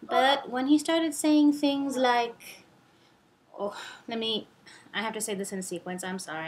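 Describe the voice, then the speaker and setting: A woman's voice: a little high, normal speed, slight background noise. A young woman telling a story to camera, hesitant and stammering at times. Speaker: vlogger. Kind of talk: storytelling monologue.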